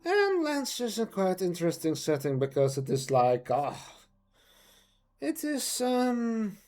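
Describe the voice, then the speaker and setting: A man chatting on a live stream in a fairly high voice that swings freely up and down. He takes his time and rambles, filling pauses with plenty of ums and uhs. His tone stays playful and chatty. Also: darkish tone. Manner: rambling with many fillers, playful. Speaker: streamer, hobby voice actor. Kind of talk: casual stream chat.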